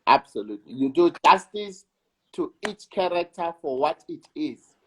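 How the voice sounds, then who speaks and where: A South African man, an actor and director, talking in an interview in a slow, emphatic way and repeating words for weight. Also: on the high side, sing-song, fairly bright tone, breathy edge. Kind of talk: reflective conversation.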